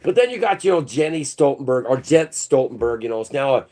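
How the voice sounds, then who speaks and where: A man's voice: medium pitch, expressive, a little fast, warm tone. A man hosting a livestream, rambling through conspiratorial commentary and calling his viewers "bro". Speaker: channel host. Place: indoors.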